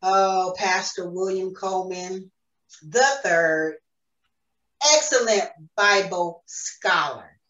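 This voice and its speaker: A woman's voice: on the low side, steady tone, takes it slowly, a bit bright. A woman giving an earnest, emotional personal faith testimony as a podcast guest. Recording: roomy echo, distant mic.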